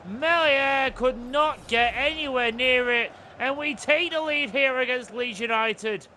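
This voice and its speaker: Gamer ranting n swearing at a football game, bright sharp voice, slow-ish delivery. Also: sits high, a little hiss or hum. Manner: excitable, swears, rants at the game. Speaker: gaming channel host. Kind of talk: let's-play commentary.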